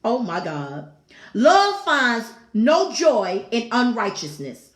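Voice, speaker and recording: A woman's voice: on the high side, sing-song, slow pace. A woman hosting a talk show, giving a fervent, preaching-style devotional talk with repeated phrases and exclaimed asides. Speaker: talk show host teaching scripture. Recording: echoey room.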